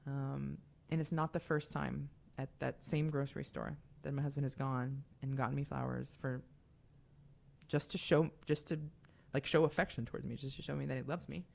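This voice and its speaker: A woman's voice: rumbling low, steady tone, normal speed, creaky, a little mellow. A young woman hosting a call-in radio show, talking in a chatty, confiding way with fillers and asides. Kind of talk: casual call-in radio talk.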